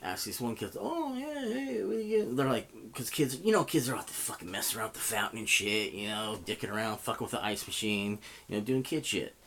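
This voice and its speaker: A man's voice: lowish voice, quick pace, hardly any pauses, a bit bright. A man telling a story in a casual, rambling way, swearing often and filling gaps with "you know.". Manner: profane, rambling, heavy with fillers. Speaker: vlogger.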